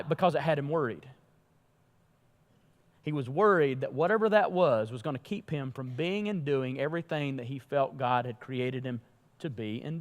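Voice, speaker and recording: A man preaching a sermon with a somewhat high voice, pressing points hard and then dropping low. His voice carries a long reverb from a church sanctuary. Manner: emphatic preaching, rising and falling in loudness. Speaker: pastor.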